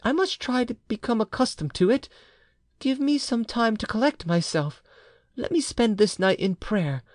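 A man's voice: very high-pitched, expressive, moderate pace, no room sound, clean studio sound, pitched above the performer's own voice. A man voicing an anxious young peasant wife who falters and stammers. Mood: fearful pleading.

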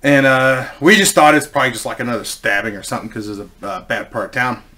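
A man's voice: mid-range voice, quick pace, sharp tone. A man in his forties telling a rambling, profane story in a casual way. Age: 40s.

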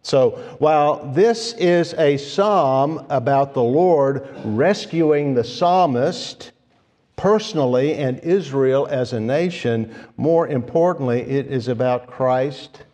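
A man preaching a sermon, speaking deliberately and pausing to restart his phrases now and then. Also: mid-range voice, warm tone. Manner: slow, deliberate, with restarts and fillers. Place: church sanctuary. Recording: long reverb of a church hall.

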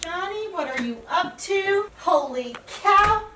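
A woman's voice: extremely high pitch, animated, takes it slowly, echoey room. An older woman, a mother caught by a surprise outdoors, talking in a flustered, exclamatory way. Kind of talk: casual reactions. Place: outdoor backyard. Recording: loud crowd and background noise.

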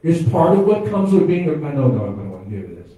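Male pastor, sermon, high voice, mellow tone, booming church echo, distant mic. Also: big pitch swings, fast talker. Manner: preaching with call-and-response to the congregation; swings from quiet asides to loud, high exclamations. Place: church sanctuary. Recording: echoey church from far off.

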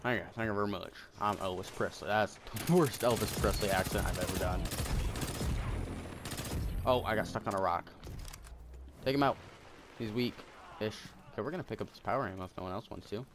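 A man giving chatty, excitable commentary while he plays a game, often breaking into sudden exclamations. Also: fairly low pitch, moderate pace, long pauses, noisy background. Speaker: gamer. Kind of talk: casual gameplay commentary. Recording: game audio mixed with loud music. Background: game music.

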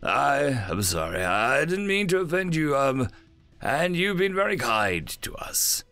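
A man's voice: fairly high pitch, big pitch swings, measured pace, pushed and bright, dry recording, soft background music, pitched above the performer's own voice, exaggerated voice. A man voicing a polite, nervous male alien speaking through a translator, formal and hesitant.

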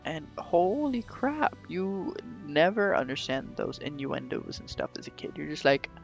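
A man's voice: on the high side, big pitch swings, measured pace, vocal fry, soft background music. A man giving goofy, rambling commentary over a game he is playing, full of jokey asides. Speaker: let's play gamer. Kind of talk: casual gameplay commentary. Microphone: desktop microphone.

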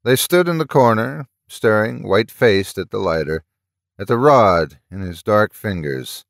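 A man's voice: fairly low pitch, lively intonation, a little slow, creaky, dry recording, studio quality. A man doing scripted narration of a science-fiction horror story in a dramatic storytelling manner.

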